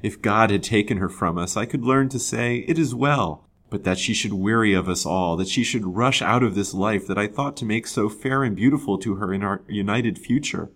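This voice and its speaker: A man's voice: low voice, very animated, normal speed, hardly any pauses, heavily acted. A man voicing a heartbroken young man grieving his lost fiancée, given to impassioned outbursts in a storybook reading. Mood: anguished.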